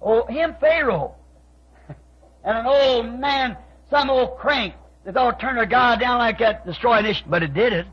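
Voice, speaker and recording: A man preaching a sermon, telling stories and acting out conversations, with his voice climbing to shouts. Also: very high voice, moderate pace, slightly rough. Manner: storytelling, quoting both sides of conversations, rising to shouts. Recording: dull lo-fi archive tape recording.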